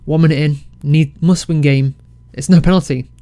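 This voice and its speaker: A man casually commentating his football management game, excitable and self-mocking. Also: fairly high pitch, moderate pace, no echo. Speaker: game let's-play creator.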